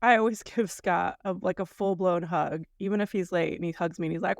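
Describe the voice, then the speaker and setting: Animated low-voiced woman podcaster. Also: quick pace, gravelly, few pauses, no echo, studio quality. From United States. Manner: animated storyteller, acts out quoted lines. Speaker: podcast co-host. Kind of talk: casual podcast chat.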